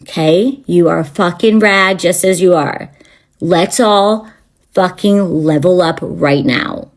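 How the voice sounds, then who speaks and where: A woman's voice: lowish voice, takes it slowly. A woman hosting a spiritual channel, ranting in a rambling, profane way with constant fillers and restarts. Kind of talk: unscripted spiritual rant to camera.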